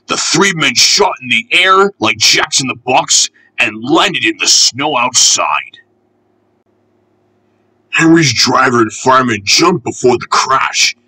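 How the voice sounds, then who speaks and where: A man reads a children's storybook aloud, lively and playful, lifting his pitch for each engine he voices. His voice is bright and edged, with a husky grain. The recording is dry and close. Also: no echo, rough recording. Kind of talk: storybook narration with character voices.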